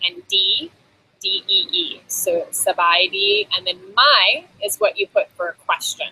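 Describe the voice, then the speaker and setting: A woman's voice: on the low side, bright, forceful tone, slight background noise, low-quality recording. A woman hosting a casual on-camera lesson on basic phrases, chatty, with frequent ums and laughs between phrases. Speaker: host teaching basic Thai phrases. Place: Bangkok.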